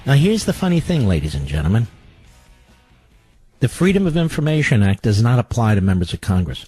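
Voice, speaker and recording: A man's voice: mid-range voice, huge pitch swings, a little fast, soft background music. A man hosting a political talk radio show, delivering a sarcastic, mocking monologue.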